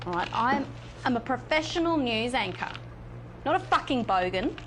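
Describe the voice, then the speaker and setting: A woman's voice: fairly high pitch, expressive, normal speed, fairly bright tone, slight background noise. An actress playing a sly, mocking female TV host who tempts the player toward bad choices, in a video game. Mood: irritated. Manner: teasing, mocking, purring. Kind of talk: video game live-action acting.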